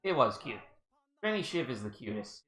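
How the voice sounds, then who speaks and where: Rambling game master, echoey. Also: male voice, mid-range voice, big pitch swings, moderate pace, a bit bright. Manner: rambling, laughs often. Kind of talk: running a tabletop game on a livestream. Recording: echoey mic.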